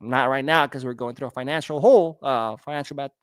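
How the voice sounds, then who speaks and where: A man's voice: mid-range voice, fast, clear, resonant tone, no echo, clean studio sound. A man hosting a casual livestream podcast, reading out chat comments and answering them in a rambling way, repeating his words.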